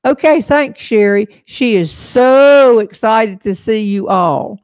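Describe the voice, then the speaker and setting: A woman's voice: fairly high pitch, slow pace, darkish tone, smooth. An older woman with a Southern US accent hosting a casual live-stream chat, folksy and chatty, laughing often. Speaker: host.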